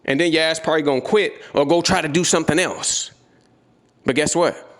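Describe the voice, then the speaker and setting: A man's voice: fairly high pitch, fairly even intonation, fairly quick, fairly bright tone. A man giving a blunt, profane motivational rant as a trading educator, repeating his points and confronting the listener directly.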